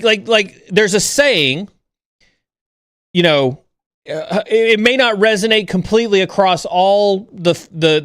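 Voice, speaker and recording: A man's voice: high voice, fairly bright tone, no room sound, studio quality. A man hosting a livestream chat, talking bluntly and with lots of energy, sometimes mocking others in an overreactive voice. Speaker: stream host.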